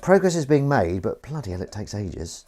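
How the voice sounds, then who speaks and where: Washing up at the sink, a man chats casually with his livestream viewers in a sweary, grumbling way as he scrubs pans. He talks at a normal speed in a lowish, sing-song voice, with background noise present.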